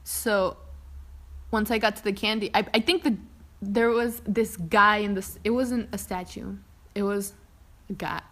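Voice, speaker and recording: A young woman co-hosting a casual podcast, pitched right in the middle. She rambles as she reads out a ghost story, dropping swear words and laughing along the way. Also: fairly even intonation, measured pace, a bit bright. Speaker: podcast co-host. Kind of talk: casual chat, reading a ghost story aloud.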